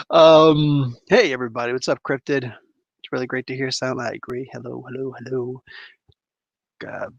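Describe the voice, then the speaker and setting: A man hosts a loose comic book livestream, greeting viewers and reading their comments aloud. His voice has a rough, gravelly fry, and the sound is close and dry with no room echo. He rambles, stacks fillers and laughs often. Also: medium pitch, fairly even intonation, moderate pace, pauses often, lo-fi sound.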